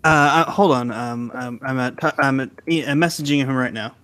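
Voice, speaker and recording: A man's voice: mid-range voice, normal speed, a bit bright, clean tone, no room sound. A male livestream host speaking hesitantly with many fillers. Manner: hesitant, filler-heavy, laughing nervously. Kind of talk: livestream hosting.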